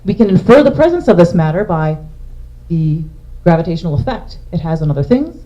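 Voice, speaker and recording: A woman's voice: lowish voice, big pitch swings, brisk. A woman astronomer giving a public science lecture, explaining things step by step while pointing to slides. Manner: explanatory, walking through slides. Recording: dull lo-fi lecture recording.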